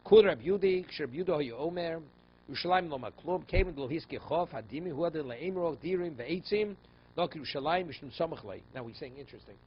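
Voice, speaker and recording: A rabbi giving a Talmud class, reading Aramaic passages and explaining them in English, often checking with "okay?" and "right?". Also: male voice, a little high, expressive, quick pace. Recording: slightly dull, faint room noise.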